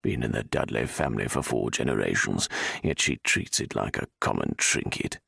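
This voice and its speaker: A huffing, contemptuous aristocrat of advancing years, voiced low and gravelly. His voice is husky and dry, with no room around it, as a man acts him out. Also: normal speed, bright, forceful tone, no echo, heavily acted. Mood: disdainful. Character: scheming aristocratic older viscount, cold and disdainful.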